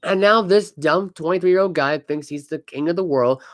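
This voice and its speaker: A man co-hosting a casual sports podcast, ranting with animated energy and stumbling as he reads news aloud. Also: a little high, moderate pace. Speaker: podcast co-host.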